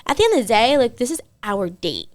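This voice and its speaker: Young New woman, podcast co-host, a little high, dry close sound, acts out the people in her story. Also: sing-song, fast, dry recording. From Staten Island, New York. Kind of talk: casual storytime chat.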